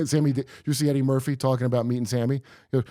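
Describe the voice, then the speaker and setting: A man's voice: medium pitch, little pitch movement, fast talker, mellow, no echo, clean studio sound. A man who is a comedian guest on a podcast, telling rambling, conspiratorial stories in casual chat.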